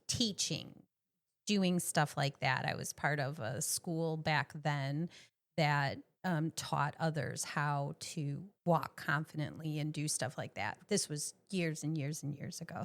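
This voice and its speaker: A woman's voice: low voice, a bit bright. A woman co-hosting a podcast, chatting casually and asking her guest questions. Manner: chatty, asks follow-up questions. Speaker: podcast co-host. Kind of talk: casual interview chat.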